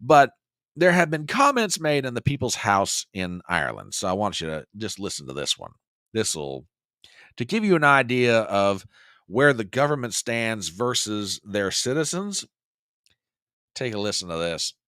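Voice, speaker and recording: Animated low-voiced American man, lively talk. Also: unhurried, no echo, studio quality. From United States. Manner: animated, folksy, talks to the audience as "y'all". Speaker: podcast host. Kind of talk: casual political commentary.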